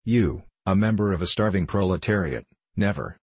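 A cold, sneering middle-aged diplomat, read by a man in a very low, husky voice. He talks down sharply and cynically. The sound is close and dry. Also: animated, normal speed, darkish tone, no echo. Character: mocking, condescending middle-aged male diplomat.

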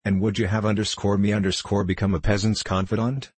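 A man reading the part of a pious, dutiful young princess in a measured, solemn way, with a husky voice. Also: fairly low pitch, level tone, no room sound. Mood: grave.

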